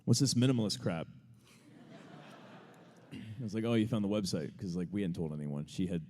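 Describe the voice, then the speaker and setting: A man tells a personal story to a live audience, rambling and laughing at himself. His voice sits low and mellow. The sound rings with the long reverb of a large hall. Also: moderate pace. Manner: casual, rambling, self-deprecating, laughing often. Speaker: podcast co-host answering audience questions. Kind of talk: live storytelling answer on stage.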